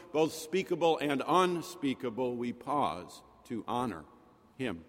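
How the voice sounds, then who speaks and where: A man preaching a sermon in a rhetorical manner, with dramatic pauses and soft drops in his voice. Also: fairly high pitch. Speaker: pastor. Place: chapel. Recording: long reverb of a chapel.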